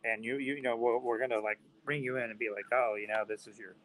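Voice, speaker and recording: A man of middle pitch tells his story as an interview guest. He jumps into the voices of the people he quotes, pushing his pitch up as he does. He laughs easily along the way. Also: steady tone, fast talker, fairly bright tone, slight background noise, rough recording. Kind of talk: anecdote in interview.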